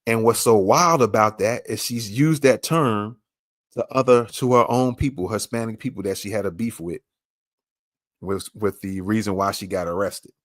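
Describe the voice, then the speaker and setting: A man's voice: fairly low pitch, normal speed, no room sound, studio quality. A man hosting a podcast, commenting on a clip with emphatic, repeated rhetorical questions. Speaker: podcast host.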